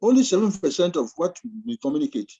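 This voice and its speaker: A man teaching a master class over a video call, with a voice set fairly high for a man that rises and falls constantly as he stresses each point. He slows down and pushes hard on key words, like someone performing his lecture. The call audio sounds muffled and dull. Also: breathy edge. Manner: animated, swings voice up and down for emphasis.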